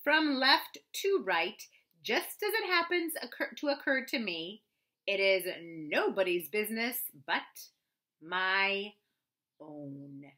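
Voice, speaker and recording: A woman voicing a gloomy, dignified old male donkey in a storybook reading, with a slow, dry, sardonic drawl. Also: medium pitch, big pitch swings, bright, forceful tone, exaggerated voice.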